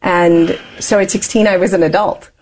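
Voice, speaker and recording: A woman's voice: on the low side, steady tone, moderate pace, darkish tone. A woman in her forties, an interview guest telling her life story candidly and laughing often as she talks.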